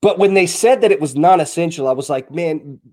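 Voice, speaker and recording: Reflective male co-host, slightly high. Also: lively intonation, fast talker, darkish tone. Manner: reflective, searching for words. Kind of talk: casual chat.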